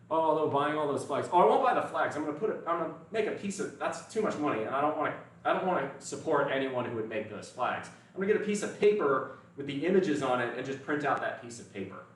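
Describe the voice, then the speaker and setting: A man's voice: a little high, animated, quick pace, distant mic. Blunt American man in an echoey room. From United States. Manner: blunt, opinionated, swears freely. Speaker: fitness livestream host. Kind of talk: casual livestream chat.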